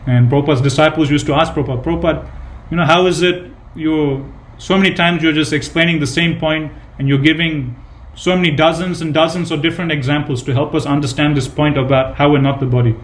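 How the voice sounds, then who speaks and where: A man's voice: a little high, steady tone, fast talker, hardly any pauses. Man giving an emphatic devotional talk. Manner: repetitive, emphatic storytelling with fillers. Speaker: speaker giving a scripture class. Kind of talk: devotional sermon with retold anecdotes.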